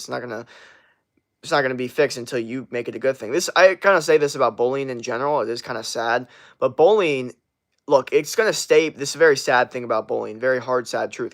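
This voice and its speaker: A man's voice: medium pitch, vocal fry, fairly bright tone. A man hosting a casual livestream, answering chat with blunt, motivational advice and plenty of swearing.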